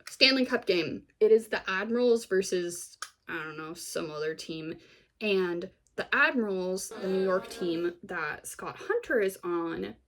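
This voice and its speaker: A woman vlogger recaps a TV series in a loose, gossipy way, peppering it with fillers and wry asides. Her voice sits in a mid range, and she keeps the tone animated and conversational. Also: mid-range voice, unhurried.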